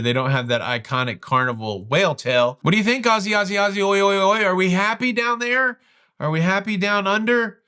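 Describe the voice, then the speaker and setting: Chatty, joking male news host. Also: a little high. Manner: chatty, jokey, lively delivery. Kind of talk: casual news commentary.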